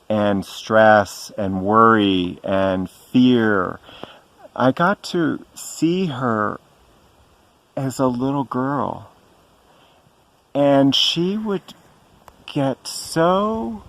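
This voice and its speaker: A middle-aged man telling a personal story to camera in a gentle, reverent way, pausing often with ums. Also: medium pitch. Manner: slow and hesitant, frequent ums and pauses. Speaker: spiritual vlogger.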